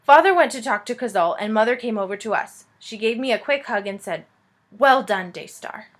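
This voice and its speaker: Woman reader, storybook narration, lively, slightly high voice. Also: fairly quick. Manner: lively, expressive. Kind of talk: storybook read-aloud narration.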